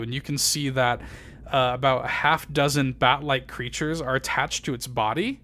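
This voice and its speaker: This man is game master of a tabletop game. He narrates in a loose, rambling way, with many fillers and restarts and casual swearing. His voice sits at an ordinary middle pitch. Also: fairly bright tone.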